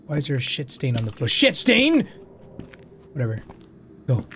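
A young man hosting a gaming video, commenting on a horror game as he plays, excitable and profane, muttering to himself and yelling at the game. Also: medium pitch, normal speed, slight background noise.

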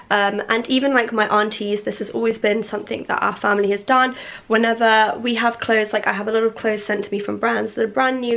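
A woman's voice: mid-range voice, vocal fry, a bit bright. A young woman in her twenties, chatting casually and playfully to the camera at home. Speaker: vlogger. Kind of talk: casual chat.

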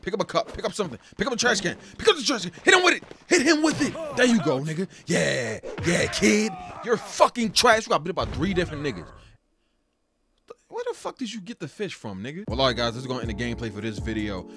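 A man's voice: fairly high pitch, sing-song, fast, a crowd in the background. A man giving casual, profane gameplay commentary and trash-talking the game's fighters as he plays. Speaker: gaming channel host. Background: game music.

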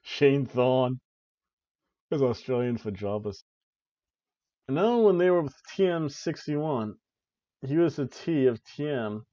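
A man's voice: medium pitch, animated, slow pace, pauses often, mellow, dry recording, lo-fi sound. A young man hosting a wrestling review podcast, giving casual, joking play-by-play with lots of fillers. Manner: rambling, joking, frequent "uh" and "like".

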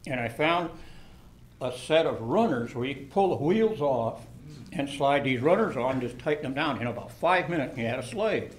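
Animated older man telling a tale. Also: mid-range voice, normal speed, a little hiss or hum. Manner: animated, laughing, shouting at peaks. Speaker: storyteller. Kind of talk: telling a personal anecdote.

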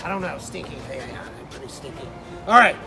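A jolly pirate captain leads his crew through the rules with a hearty, growling bark, as a man plays him. The voice sits fairly high and carries a gravelly edge, with music playing behind. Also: expressive, fast talker. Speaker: pirate character in an art lesson.

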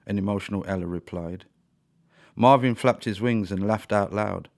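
A man narrating a children's story in an expressive read-aloud manner, addressing young listeners. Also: low-pitched, moderate pace.

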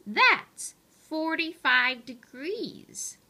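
A woman's voice: sits high, very slow, gravelly, voice pushed up, full character voice. A woman voicing a plucky, eager little female hamster who is always keen to show off. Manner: excited, eager.

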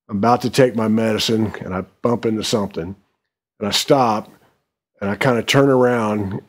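A middle-aged man spinning a story from his own life. He talks in a relaxed, easygoing way, with plenty of "you know" and "uh", his pitch sitting mid-range for a man. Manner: relaxed, unhurried, with frequent fillers. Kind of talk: casual spoken storytelling.

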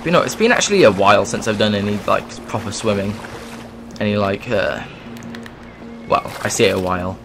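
A man's voice: lowish voice, a little fast, music in the background. A man doing casual let's play commentary, rambling along with sudden exclamations. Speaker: gaming YouTuber.

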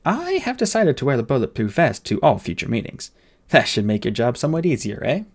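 A man's voice: medium pitch, sing-song, fairly quick, breathy edge. A man voicing a formal, precise teenage boy genius who speaks in clipped sentences. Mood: dry, formal.

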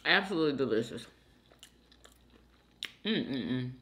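A woman hosting a mukbang, chatting casually and slowly between bites, humming as she eats. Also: rumbling low, very animated, fairly bright tone, a little hiss or hum. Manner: slow, chatty, hums with food in mouth. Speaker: mukbang host. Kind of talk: casual mukbang chat while eating.

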